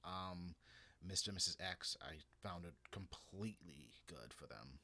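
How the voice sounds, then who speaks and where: In a low, expressive voice with a sharp tone and measured pace, a man in his thirties who vlogs about comics gives a casual opinion monologue. He rambles, restarts, and swears as he goes.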